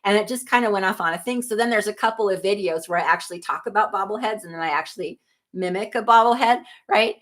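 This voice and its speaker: A woman's voice: mid-range voice, quick pace, a bit bright. Chatty middle-aged woman hosting a livestream. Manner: chatty, rambling, laughs often, apologetic. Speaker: livestream host. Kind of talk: casual chat reading live comments.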